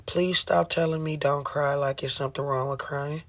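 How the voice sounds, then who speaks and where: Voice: mid-range voice, flat delivery, moderate pace, hardly any pauses. A livestreamer in an emotional, impassioned rant who swears often, fires rhetorical questions at the audience and repeats phrases for emphasis.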